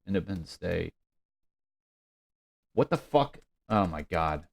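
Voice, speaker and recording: A man's voice: deep voice, lively intonation, takes it slowly, creaky, dry recording. A young man hosting a solo comedy podcast, crude, sarcastic and self-mocking as he rambles. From United States. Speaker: podcast host.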